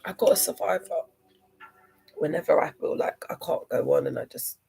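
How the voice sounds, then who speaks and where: A young woman on a livestream, speaking emotionally and haltingly, often repeating herself. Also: deep voice, gravelly, mellow. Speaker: live stream host.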